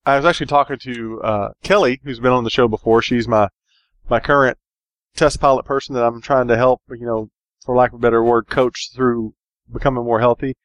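A man's voice: medium pitch, a little fast, dry recording, highs cut off. A man co-hosting a podcast, chatting casually and joking, with a lot of fillers. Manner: relaxed, joking, rambling with fillers. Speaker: podcast co-host.

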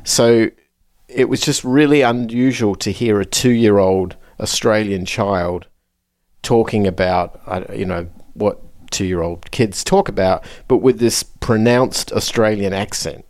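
A man with a lowish voice co-hosts a podcast, easing into relaxed stories and anecdotes. The sound is dry and close, with no room echo behind him. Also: a little slow. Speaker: podcast co-host. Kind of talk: casual chat.

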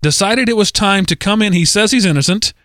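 A man co-hosting a podcast, casually retelling odd news stories in an animated way, often correcting himself mid-sentence. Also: high-pitched, brisk, dry recording, studio quality. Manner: animated, self-correcting storyteller. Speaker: podcast co-host.

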